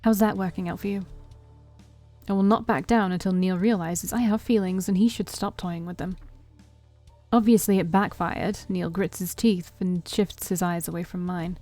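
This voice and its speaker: A woman's voice: on the low side, fairly even intonation, normal speed, a little mellow, soft background music. A woman streamer reading a visual novel aloud, telling the story in the first person with a wry tone. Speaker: let's play streamer.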